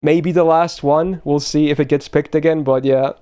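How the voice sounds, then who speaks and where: A man's voice: on the high side, fairly even intonation, normal speed, dark tone, clear, resonant tone. A young man chatting casually on a live stream, blunt and swearing often as he talks to his chat.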